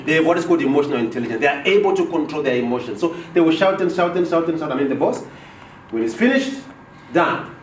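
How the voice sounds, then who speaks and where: A male trainer lectures a live class in a high, lively voice and keeps quizzing the room. He acts out short office scenes as he goes. The sound is roomy and distant, with echo from the training room and a faint hum of background noise. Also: quick pace. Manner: animated, asks the class questions and acts out dialogues. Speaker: business trainer.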